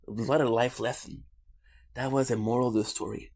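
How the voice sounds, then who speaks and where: A man's voice: medium pitch, steady tone, normal speed, a little mellow. A man from Quebec, Canada, in a casual streamer monologue, rambling on goofy side tangents with swearing and jokes.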